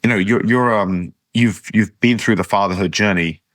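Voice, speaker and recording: A man hosting a podcast, talking thoughtfully and haltingly, often repeating words as he searches. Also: on the low side, fairly bright tone, no room sound, studio quality. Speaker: podcast host. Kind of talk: casual interview chat.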